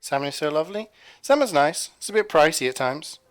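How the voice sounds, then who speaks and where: A man's voice: a little high, lively intonation, brisk, soft background music. Rambling man chatting while cooking. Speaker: streamer. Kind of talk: casual cooking stream chat. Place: home kitchen.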